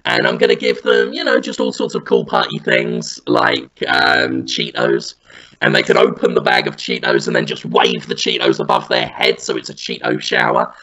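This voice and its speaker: A man with a high, very lively voice spins a rambling, animated comic story. His voice runs through a buzzing Dalek-style robot filter that makes it gravelly and sharp. A faint hiss sits under it. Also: normal speed, rough recording. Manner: animated, rambling, breaks into sung bits. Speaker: comedy podcast host. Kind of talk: absurd comic storytelling chat.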